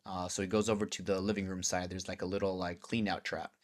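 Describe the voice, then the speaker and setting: A man with a fairly low voice tells a long story in a loose, casual vlog style. He swears freely and acts out each side of the conversations as he goes. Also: fast. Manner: animated, profane, acts out conversations. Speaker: vlogger.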